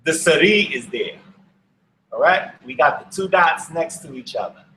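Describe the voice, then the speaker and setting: A man's voice: on the high side, expressive, moderate pace, pushed and bright, roomy sound, a little hiss or hum, rough recording. A man teaching a language lesson to an online class, speaking patiently and repeating each word for his students. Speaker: Hebrew teacher. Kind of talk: slow classroom instruction.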